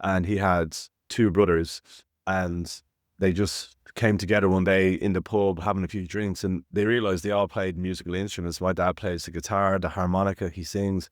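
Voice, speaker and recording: A man's voice: low-pitched, little pitch movement, moderate pace, no echo, clean studio sound. An Irish man in his thirties co-hosting a podcast, telling chatty stories and acting out the voices of the people he quotes. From Ireland. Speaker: podcast co-host. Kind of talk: casual chat.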